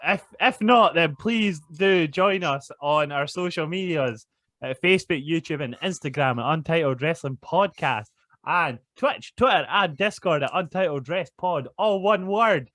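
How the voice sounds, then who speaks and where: A man's voice: on the high side, measured pace, fairly bright tone, dry recording. A man co-hosting a wrestling podcast, reading out social links with small slips. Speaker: podcast co-host. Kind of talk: casual podcast outro.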